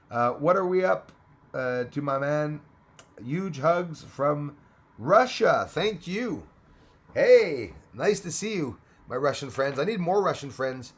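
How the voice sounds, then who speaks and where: A man from Canada hosting a casual livestream, chatty, thanking viewers by name and laughing often. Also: mid-range voice. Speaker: livestream host.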